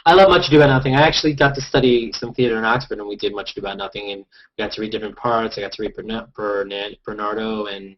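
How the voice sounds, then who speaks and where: A man's voice: on the low side, steady tone, rapid-fire, few pauses. A man hosting a casual video-call chat, bantering playfully and joking. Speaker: host. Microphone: headphones on a video call. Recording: dull lo-fi web call.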